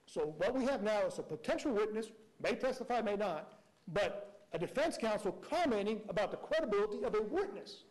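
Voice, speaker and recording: Male prosecutor, high voice, emphatic courtroom argument built on rhetorical questions. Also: expressive, fairly quick, a little mellow, poor audio.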